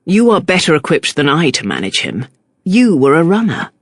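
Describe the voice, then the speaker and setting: A narrator voicing a calm, stern middle-aged male magistrate in an audiobook, measured and quietly threatening. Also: mid-range voice, no echo. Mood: cool, stern.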